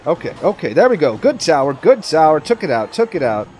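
A man giving excitable live commentary over his own gameplay, talking to the game and to his viewers. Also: a little high, brisk, a little hiss or hum. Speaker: gaming commentator.

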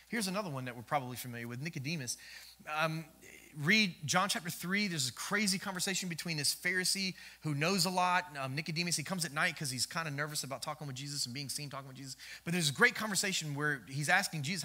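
A man preaching a sermon as pastor, swinging from loud emphatic lines to hushed ones and acting out the voices he quotes. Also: on the high side, fairly quick.

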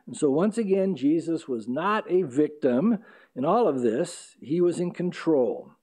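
A male pastor preaching an earnest expository sermon, pausing on fillers and correcting himself as he goes. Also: fairly high pitch, expressive, a little mellow. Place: church sanctuary.

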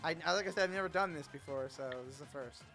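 A man streaming a racing game in casual chat, excitable and teasing, with loud sudden exclamations. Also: on the high side, racing, over music. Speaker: gaming streamer.

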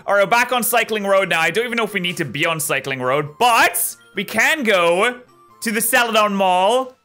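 Upbeat male gaming YouTuber, bright, lively voice, chatty asides. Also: high-pitched, normal speed, faint music behind. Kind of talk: casual gameplay commentary. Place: home recording setup with green screen.

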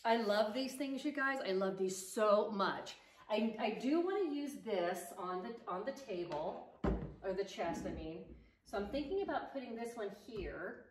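A woman's voice: medium pitch, animated, unhurried. A woman vlogging about home decor DIY, chatting enthusiastically and thinking aloud as she arranges pieces at home. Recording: roomy echo, distant mic, faint noise.

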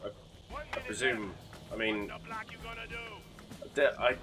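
A man's voice: on the low side, fairly even intonation, slow pace, over music. A man giving casual, sweary, rambling commentary while playing a video game, often mocking himself. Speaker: gaming YouTuber.

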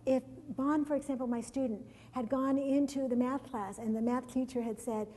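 Middle-aged woman, conference presenter, higher voice with a husky edge, lively, laughs often. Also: normal speed. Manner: lively anecdotes, laughs often, repeats words. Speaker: education conference speaker. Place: large conference hall. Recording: long hall reverb.

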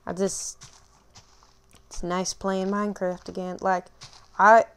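Slow-talking rambling gamer woman. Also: medium pitch, little pitch movement, clear, resonant tone. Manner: rambling, self-mocking, trails off. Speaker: gaming channel host. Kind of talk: casual gameplay commentary.

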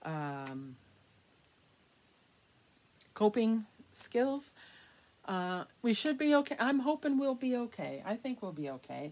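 A middle-aged woman vlogging candidly to the camera, rambling and laughing softly as she talks. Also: a little high, big pitch swings, takes it slowly, long pauses. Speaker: reborn doll collector vlogger. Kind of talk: casual chat to camera.

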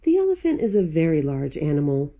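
A woman voicing a wise prince woken from his nap, who shouts high and cross, then speaks gently. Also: huge pitch swings, fairly quick, lo-fi sound, full character voice. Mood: gentle. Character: sleepy man, a wise prince.

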